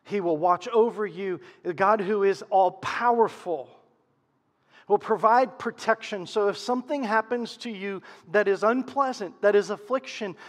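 A man preaching a sermon as pastor, swinging from loud emphasis to hushed, quiet lows. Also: long reverb tail.

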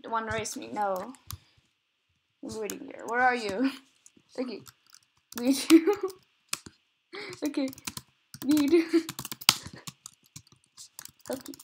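A slow-paced woman with a slightly high voice chats casually through an online game. She giggles a lot and gets easily flustered. Faint keyboard and mouse clicks tick away behind her. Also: sing-song, background noise. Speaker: gamer recording gameplay. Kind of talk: casual gaming chatter.

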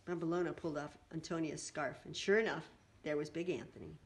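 A woman reading a children's picture book aloud in an expressive, animated way. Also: deep voice, a little fast. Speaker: storybook reader.

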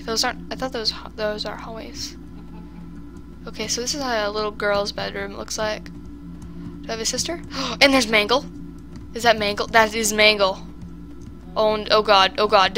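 A woman's voice: fairly high pitch, bright, forceful tone. A woman giving casual let's-play commentary on a horror game, jittery and talking straight to her viewers. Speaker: gaming commentator.

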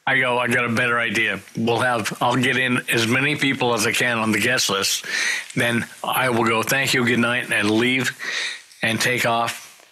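A man telling road stories in a casual interview, animated and acting out the people he quotes. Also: medium pitch, moderate pace, low-quality recording.

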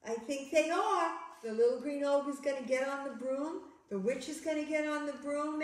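A woman reading a picture book aloud in a children's library, coaxing a child with slow questions. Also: high-pitched, slight background noise. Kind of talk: children's story time reading. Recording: echoey room, mic far off.

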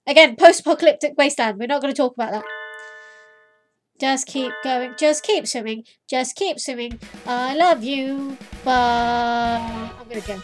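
A high-pitched woman giving casual gameplay commentary, swinging between chatty reading and loud, giddy outbursts. She tosses in sarcastic asides, with faint game music playing underneath. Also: normal speed. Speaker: let's play host.

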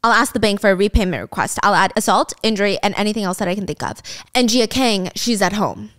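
A woman's voice: mid-range voice, fast, fairly bright tone. A woman casually recapping a drama story, chatty and sarcastic, with swearing and laughing asides.

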